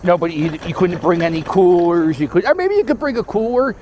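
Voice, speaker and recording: A man's voice: high voice, lively intonation, a little fast, darkish tone, a little hiss or hum. A man riding a scooter through a park, rambling through wry commentary and stories. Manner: rambling, wry, storytelling asides. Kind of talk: casual running commentary. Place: outdoors in a park, on a moving scooter.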